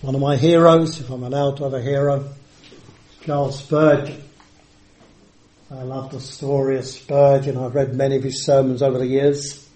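A man's voice: mid-range voice, flat delivery, warm tone. An older man preaching a sermon, emphatic, drawing out words and shifting his volume. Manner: emphatic, varies pace and volume, drawn-out words. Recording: echoey hall.

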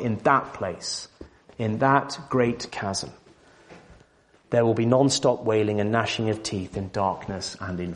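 Emphatic man preaching a sermon. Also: medium pitch. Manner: emphatic, rhetorical questions, swells in volume. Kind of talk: expository sermon.

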